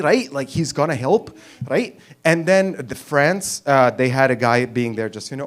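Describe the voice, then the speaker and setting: Holding a mic on a club stage, a man from the Arab world rambles through a crude comedy routine with brash, lively delivery. He has a mid-range voice and a moderate pace.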